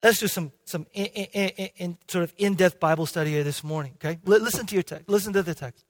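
A male pastor preaching a sermon with emphatic swings between loud and hushed delivery, and frequent restarts. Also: high voice, quick pace. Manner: frequent restarts and "okay?" checks. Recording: long hall reverb.

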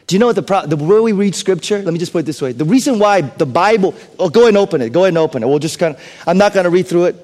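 Animated male preacher in an echoing hall. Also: sits high, racing, few pauses. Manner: animated, swings from loud emphatic bursts to hushed asides. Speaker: pastor. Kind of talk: sermon.

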